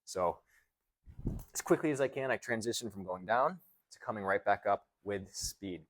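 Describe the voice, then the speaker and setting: A man with a somewhat low voice teaches strength training while he demonstrates. He walks through each movement as he goes and counts out the holds in a plain instructional way. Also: animated, moderate pace. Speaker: chiropractor and trainer. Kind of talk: exercise demonstration.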